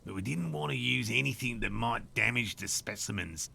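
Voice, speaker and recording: A man with an Australian accent voicing a careful scientist in a video game, speaking in a measured, precise way. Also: medium pitch, creaky, sharp tone, slight background noise. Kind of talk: game voice acting.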